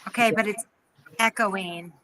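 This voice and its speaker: A woman's voice: medium pitch, fairly even intonation, a little slow, bright, forceful tone, a little hiss or hum, poor audio. A woman joining a live radio talk show remotely, talking casually and a bit flustered. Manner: flustered, laughs at tech trouble. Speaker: spiritual guest co-host. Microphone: remote call-in.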